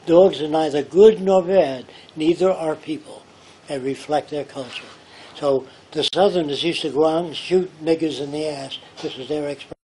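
An older man from the United States tells long, winding stories from his past, stopping to act out what others said. His voice sits a little high for a man. A faint hum of background noise runs under the talk. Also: moderate pace, warm tone. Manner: rambling, quotes people in his stories. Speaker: speaker. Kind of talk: anecdotal storytelling talk. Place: pub.

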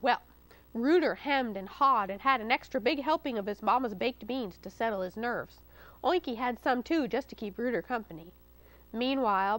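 A woman, a children's librarian, reading a story aloud at storytime in a lively, expressive way. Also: fairly high pitch, poor audio. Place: studio taping for local cable TV.

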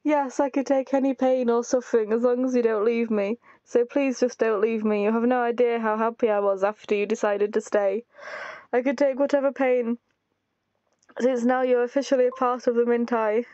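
A woman's voice: on the high side, steady tone, moderate pace, warm tone, no room sound, muffled recording, natural voice. A woman reading a timid, clingy young man from a game, pleading and apologetic. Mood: devoted.

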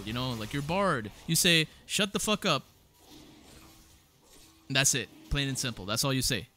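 A man's voice: mid-range voice, pushed and bright, slight background noise. A man giving live gameplay commentary as a streamer, slangy and casual, calling his viewers boys and bro and repeating his own phrases. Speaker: gaming streamer.

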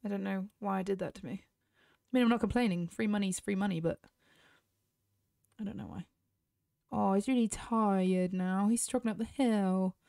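British woman gamer, casual chatty commentary, close dry sound, mid-pitched. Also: moderate pace, gravelly, pauses often, warm tone, no room sound. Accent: British English. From Britain. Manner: chatty, talks straight to viewers. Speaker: gaming YouTuber.

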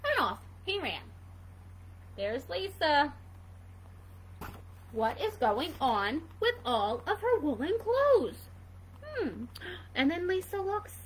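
A woman's voice: high-pitched, big pitch swings, slow, pauses often, a little hiss or hum, low-quality recording. A woman reading a picture book aloud to children, asking playful questions about the pictures. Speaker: reader for children.

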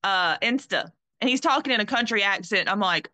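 A woman's voice: mid-range voice, lively intonation, brisk, pushed and bright, no room sound. A woman chatting in an easygoing, joking way. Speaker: livestream guest. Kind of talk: casual chat.

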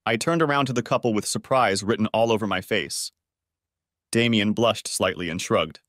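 Man, story narrator, steady reading, lowish voice, dry close recording. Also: normal speed, no room sound. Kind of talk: scripted first-person story narration.

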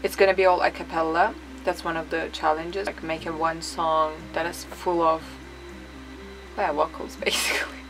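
A woman's voice: sits low, flat delivery, normal speed, few pauses, poor audio. Chatty young woman vlogging over music. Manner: chatty, playful, laughs between phrases. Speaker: music production student vlogger. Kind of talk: casual vlog chat. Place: home recording setup, indoors. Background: music playing underneath.

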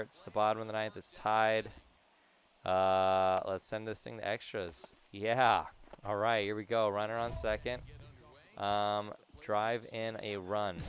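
Young man, gameplay commentary, rambling, excitable, lowish voice, sudden loud cheers. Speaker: gaming YouTuber.

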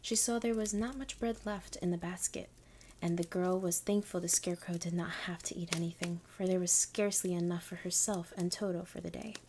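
Woman, ASMR storyteller, whispered role-play, soft unvoiced whisper, unhurried, faint background hiss. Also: fairly low pitch, fairly even intonation. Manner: soft-spoken, unhurried reading.

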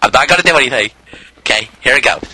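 A man's voice: medium pitch, lively intonation, fast talker, bright, forceful tone. A young man in casual game voice chat, bossing his friends around and telling them to listen. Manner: bossy, urging everyone to listen. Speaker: gamer in group voice chat. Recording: noisy voice-chat mic.

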